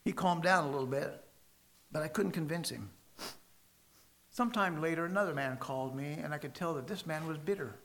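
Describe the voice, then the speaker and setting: Gravelly, bright-voiced man preaching. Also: a little high, fairly quick, pauses often, slight background noise. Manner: emphatic storytelling with sudden loud stresses and soft drops. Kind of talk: sermon.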